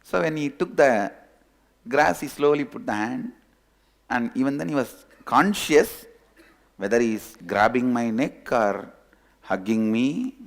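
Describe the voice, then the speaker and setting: Slow, gravelly teacher. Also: male voice, medium pitch, expressive. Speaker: spiritual teacher. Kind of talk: sermon with storytelling.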